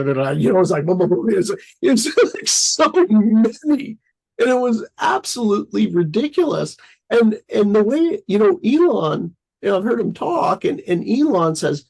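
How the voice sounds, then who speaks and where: A man with a somewhat high, gravelly voice that runs husky, talking casually in a rambling way. He piles on fillers and bursts into lively acted-out versions of his own thoughts. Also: low-quality recording. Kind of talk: casual conversation.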